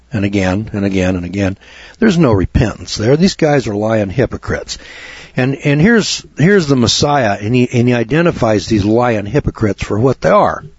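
A man preaching an informal sermon as a lay preacher, blunt and folksy with rough language. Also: fairly low pitch, no room sound, dull audio.

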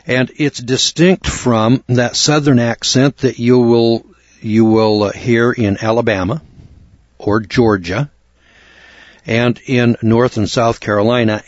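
A man from the United States teaching a Bible lesson in a measured, deliberate way, now and then clearing his throat. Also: mid-range voice, darkish tone, no echo. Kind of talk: explanatory Bible lecture. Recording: dull, dry recording.

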